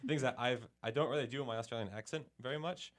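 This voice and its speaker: A young man co-hosting a talk show, chatting quickly and joking about his own promo spots. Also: medium pitch. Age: young adult. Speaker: co-host writing promo spots. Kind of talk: casual chat and acted radio promo.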